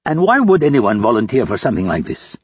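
A man's voice: medium pitch, wildly swooping pitch, fast talker, breathy edge, no room sound, highs cut off. A man voicing a cruel, mocking male captor who taunts and interrogates a prisoner. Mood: menacing. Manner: menacing, taunting.

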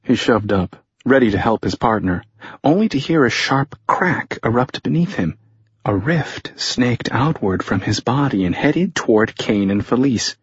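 A man narrating a thriller audiobook in a measured, tense storytelling manner. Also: mid-range voice, lively intonation, husky, no echo. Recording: dull lo-fi audio.

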